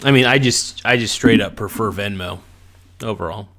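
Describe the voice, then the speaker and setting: A man hosting a casual livestream, joking and teasing his chat viewers in a deep radio announcer voice. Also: normal speed, sharp tone. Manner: joking, teasing, breaks into crooning song. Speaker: livestream host.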